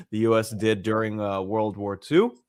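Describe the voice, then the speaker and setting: A man's voice: fairly low pitch, measured pace, darkish tone, clear, resonant tone, dry recording, clean studio sound. Man reading comic listings on a podcast. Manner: reads titles and prices with frequent "uh" fillers. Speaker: podcast host.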